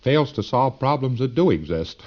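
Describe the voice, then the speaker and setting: A man's voice: mid-range voice, very animated, normal speed, highs cut off. A man giving a lecture to students in a folksy, emphatic, digressive way.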